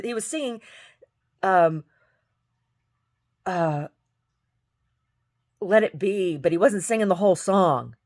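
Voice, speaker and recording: Animated exasperated woman ranting. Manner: animated, exasperated, mimics others in high voices. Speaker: singer. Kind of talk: casual storytelling rant.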